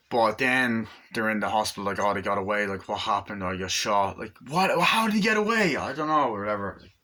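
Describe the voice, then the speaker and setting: A man casually recapping a movie scene by scene, rambling, swearing and acting out the quotes in a loud burst. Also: on the low side. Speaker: movie reviewer.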